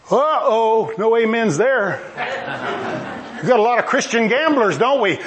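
Male preacher, high-pitched, animated and emphatic, sermon delivery with playful asides. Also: moderate pace, some chatter behind, a little hiss or hum.

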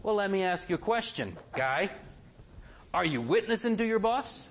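A man's voice: high voice, moderate pace, a little hiss or hum. A man preaching a sermon, asking his listeners question after question. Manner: animated, asks the congregation many questions.

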